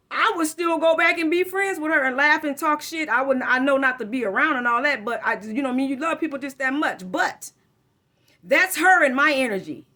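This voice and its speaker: Female tarot reader, somewhat high and very bright tone, loose rambling delivery full of slang. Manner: rambling, informal, frequent self-corrections and slang. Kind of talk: casual spiritual reading to camera.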